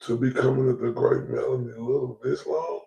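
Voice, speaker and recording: A man's voice: medium pitch, steady tone, normal speed, creaky, dark tone, roomy sound, highs cut off. A man hosting a casual livestream, rambling and repeating himself in heated slangy talk. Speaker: livestream host.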